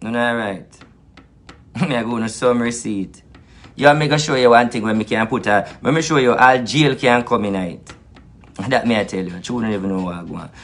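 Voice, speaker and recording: A man's voice: mid-range voice, brisk, a bit bright, a little hiss or hum. Aggrieved Jamaican man ranting. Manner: aggrieved, repetitive, swearing. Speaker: spiritual advisor airing a grievance. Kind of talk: angry monologue rant.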